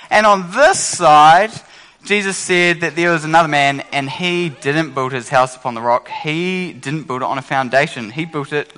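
High, bright-voiced man leading kids. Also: low-quality recording. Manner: playful, encouraging, quick with praise. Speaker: children's church leader. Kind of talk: lively kids' talk with audience games.

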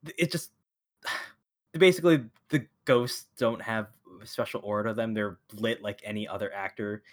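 A man's voice: fairly low pitch, moderate pace. A man co-hosting a casual podcast over a call, bluntly critical and laughing often as he talks. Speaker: podcast co-host. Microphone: remote call mic.

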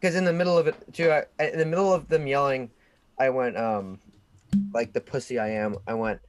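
On a laid-back podcast, a young co-host spins a long story, speaking a little fast and with plenty of animation. Each time he acts out what other people shouted, his voice leaps high and loud.

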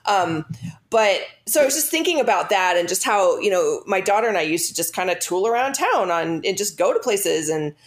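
A woman's voice: medium pitch, lively intonation, moderate pace. Woman, casual storytelling chat, rambling, fillers and restarts.

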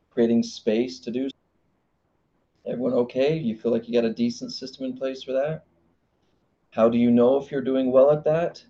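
Animated guy teaching a workshop, mellow tone, kinda dull lo-fi sound. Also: mid-range voice. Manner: animated and playful, acts out quoted voices. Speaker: marriage workshop leader.

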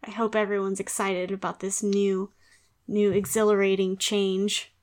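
A woman's voice: medium pitch, little pitch movement, unhurried, a little mellow. A woman hosting a podcast in casual chat, laughing often and rambling playfully. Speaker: podcast host.

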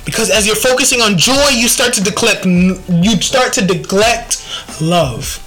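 Slow, bright-voiced woman reflecting on faith. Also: medium pitch, faint music behind, low-quality recording. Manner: earnest and reflective, quotes scripture, slow deliberate delivery. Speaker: podcast host. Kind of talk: faith podcast talk.

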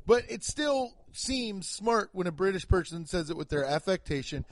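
A man doing a stand-up comedy routine, ranting in an animated, profane way. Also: high-pitched, moderate pace.

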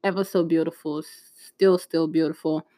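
A woman's voice: low voice, moderate pace, no echo. Young podcast host from Nigeria, a woman, chatty storyteller who acts out voices, recorded dry and close. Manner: animated, acts out quoted voices. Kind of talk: casual storytelling.

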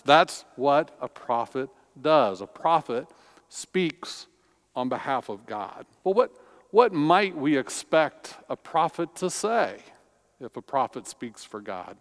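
A man preaching a sermon as pastor, slow and deliberate with emphatic pauses. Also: medium pitch, big pitch swings. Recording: long reverb of a large hall.

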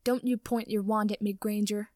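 A woman's voice: medium pitch, flat delivery, normal speed, dark tone, no echo, clean studio sound, natural voice. A woman reading the lines of a prickly, sarcastic young male wizard in an audiobook story, with a snappish manner. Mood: exasperated.

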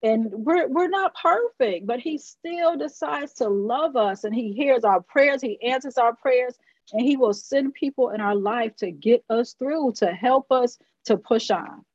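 A woman's voice: on the high side, expressive, a little slow, no echo. A woman hosting a casual group talk, affirming her guests and easily moved. Her voice comes through dull and lo-fi, close and dry with no room around it. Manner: warm and affirming, gets emotional. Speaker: host.

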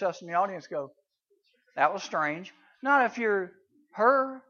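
A middle-aged man with a high, bright, forceful voice gives a folksy talk to youth at a camp. He tells homely stories and throws in sound effects and little voices. The recording is dull and lo-fi. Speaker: camp speaker.

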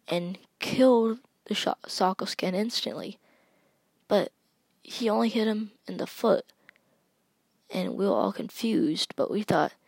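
A woman narrating a spooky first-person story, slow and halting, sometimes dropping to a whisper. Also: lowish voice, gravelly, slightly rough, dry recording.

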